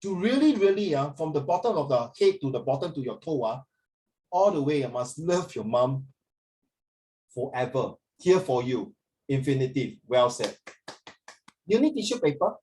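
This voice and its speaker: A male teacher with a Singaporean English accent, leading a class in an animated way, switching between English and Mandarin and coaxing his students. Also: medium pitch, normal speed, pauses often.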